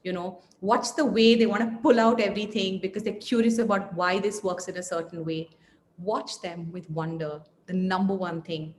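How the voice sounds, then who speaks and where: A woman guest speaker giving parenting advice in an earnest, emphatic, expressive way over a video call. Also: lowish voice, moderate pace. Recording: echoey room, faint noise.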